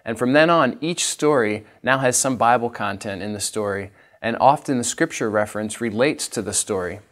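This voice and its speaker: A man's voice: mid-range voice, moderate pace. A man teaching a literacy training session, patiently demonstrating each step for teachers. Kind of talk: instructional training talk.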